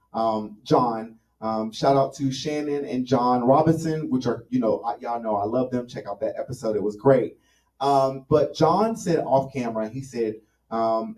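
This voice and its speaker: An earnest man telling on stage the life advice he carries with him, often hesitating with ums. His tone is mellow and even. He sounds distant in a roomy, echoing space. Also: medium pitch. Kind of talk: reflective storytelling on stage.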